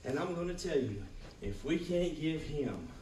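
Higher-voiced pastor preaching in an echoey church. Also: male voice, lively intonation, moderate pace, slight background noise. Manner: preaching with frequent "Amen?" call-outs to the congregation; swings between loud rising bursts and low quiet passages. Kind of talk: sermon. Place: church sanctuary with congregation. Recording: echoey room, voice from far off.

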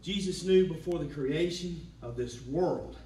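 A man, preaching a sermon as pastor, humming between lines and building to shouts. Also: a little high, a little slow, reverberant, distant mic, a little hiss or hum, poor audio. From Georgia, US. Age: 40s. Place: church sanctuary.

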